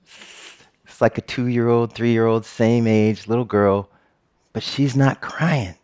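A man's voice: mid-range voice, fairly even intonation, slow pace, darkish tone, smooth. A middle-aged man giving an earnest personal storytelling talk, with joking asides.

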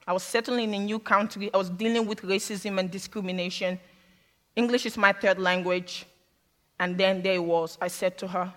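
An African woman with a mid-range voice, a steady tone and a moderate pace tells her own story in a candid, wry, humorous talk, slipping into other people's voices. The recording has a long hall reverb.

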